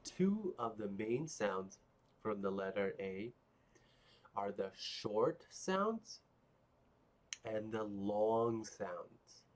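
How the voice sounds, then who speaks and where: Very slow, patient phonics teacher man. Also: lowish voice, very animated. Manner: patient, encouraging, drawn-out. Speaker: children's English phonics teacher. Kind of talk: teaching young learners.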